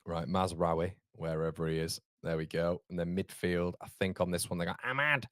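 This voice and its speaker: Deep-voiced man hosting a football watchalong. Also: normal speed, hardly any pauses, a bit bright, no room sound, studio quality. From York, England. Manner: chatty, rambling, laughs often. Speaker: watchalong host. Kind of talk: live football watchalong chat.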